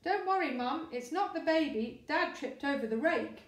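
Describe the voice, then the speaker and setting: A woman voicing an excitable young boy in a storybook reading, shouting his lines, with a distant, echoey sound. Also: high-pitched, normal speed, pitched above the performer's own voice. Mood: excited. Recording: roomy echo, distant mic.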